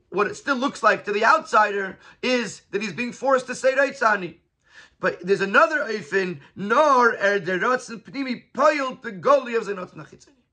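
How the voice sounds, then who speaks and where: A man's voice: high-pitched, bright, forceful tone. A man teaching a Torah class, quoting Hebrew and Yiddish phrases and then explaining them in English.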